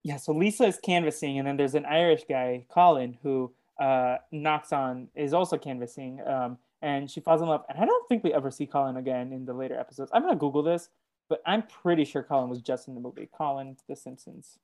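A man's voice: mid-range voice, fairly quick, darkish tone. A man co-hosting a casual podcast, recapping film scenes step by step with frequent hesitations. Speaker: podcast co-host.

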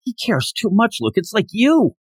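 Lively man retelling manga chapters. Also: high voice, moderate pace, breathy edge, no room sound. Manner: animated retelling with acted-out quotes. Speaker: podcast co-host. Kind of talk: casual manga discussion.

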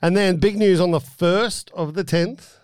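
A man's voice: sits high, a little slow, a little mellow, no room sound, clean studio sound. A man hosting a casual podcast chat, rambling through announcements with many fillers. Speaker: podcast host.

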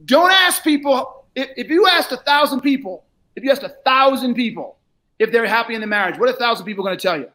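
A man's voice: expressive, fast. A man coaching a salesperson in a live role-play, blunt and profane, lecturing and often raising his voice. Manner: often shouts, then drops low.

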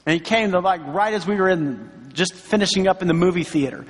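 A man's voice: high voice, animated, a little fast, husky. A middle-aged male pastor preaching a sermon in a church, telling stories in an earnest, encouraging way with lots of asides. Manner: storytelling, earnest and encouraging, many asides like "right?" and "you know". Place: church sanctuary. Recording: long hall reverb.

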